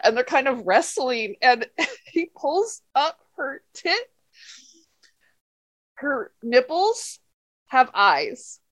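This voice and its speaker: A woman with a fairly high voice hosts a podcast in casual, comedic chat. She rambles through her points with plenty of profanity and sounds exasperated. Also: sing-song, slow pace, pauses often. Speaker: podcast host reviewing a film.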